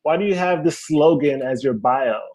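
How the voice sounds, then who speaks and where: A young man doing a stand-up comedy set over a video call, telling animated stories and laughing at his own jokes. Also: fairly high pitch, normal speed. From family from Haiti.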